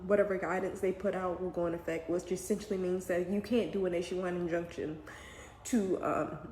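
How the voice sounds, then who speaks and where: A woman speaks as a mother on the verge of tears, earnest and halting as she searches for words. The room has a noticeable echo, and a faint background noise sits under her voice. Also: mid-range voice, a little mellow. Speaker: commentator. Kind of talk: emotional video commentary.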